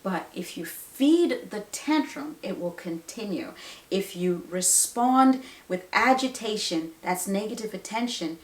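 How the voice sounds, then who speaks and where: A woman's voice: medium pitch, expressive, measured pace, echoey room. A woman nurse and mother giving parenting advice straight to camera, emphatic and full of rhetorical questions. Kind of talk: direct-to-camera advice talk.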